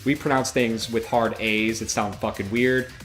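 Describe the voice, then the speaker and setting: A man with a Chicago accent hosting a gaming livestream, chatting casually and swearing, with loud outbursts at the game. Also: on the low side, steady tone, normal speed, faint music behind. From Chicago, USA. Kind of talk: casual chat while playing a fighting game.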